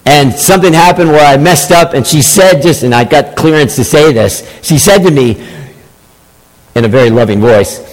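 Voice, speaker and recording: A man's voice: fairly high pitch, moderate pace. Man preaching a sermon in a reverberant hall. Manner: repeats key phrases for emphasis. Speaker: pastor. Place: church sanctuary. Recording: long reverb, large hall.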